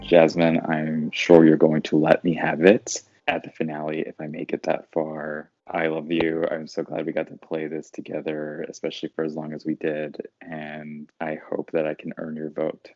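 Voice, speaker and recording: A calm, logical man contestant. His voice is extremely deep and almost completely flat. The recording is dull and lo-fi. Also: moderate pace, few pauses, no echo. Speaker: game show contestant. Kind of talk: confessional talk to camera. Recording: dull lo-fi audio.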